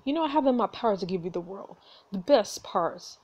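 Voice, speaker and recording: Casting: woman reading a smug, threatening male movie mogul, sliding pitch, game voice. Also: animated, a little fast, darkish tone, muffled recording, natural voice. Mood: coaxing. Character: menacing powerful middle-aged Hollywood mogul, man.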